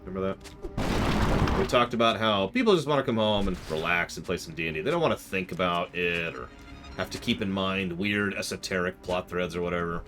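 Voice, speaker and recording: A man's voice: low-pitched, brisk, music in the background. Tired, opinionated man streaming a game. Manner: rambling, opinionated, reads chat aloud. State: tired, sore throat. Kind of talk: live gameplay stream commentary.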